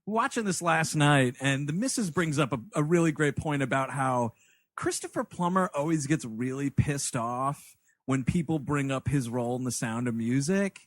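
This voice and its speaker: A man's voice: mid-range voice, moderate pace, no echo. A man co-hosting a comedy movie review podcast, talking casually, swearing and laughing a lot. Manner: profane, excitable, laughs often. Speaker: podcast co-host.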